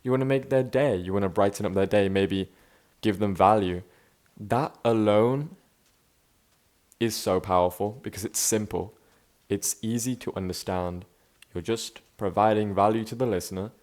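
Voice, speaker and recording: Addressing the camera in an unscripted vlog, a young man with a lowish, slightly mellow voice talks at normal speed, casual and chatty yet reflective. His delivery is laid-back with frequent restarts, and he keeps dropping "bro" and "man."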